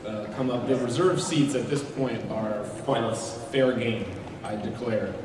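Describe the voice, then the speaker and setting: Brief: male musician coaching a crowd, mid-pitched, recorded from far off in an echoey hall with background noise. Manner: halting, self-correcting, many fillers. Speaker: musician leading a crowd sing-along. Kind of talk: live panel Q&A, coaching an audience. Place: large convention hall.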